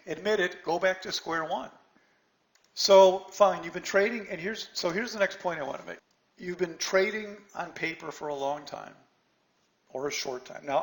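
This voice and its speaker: A man's voice: a little high, rough recording. A middle-aged man teaching a trading seminar in a blunt, scolding way, firing rhetorical questions at his students. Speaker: trading instructor. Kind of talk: seminar lecture.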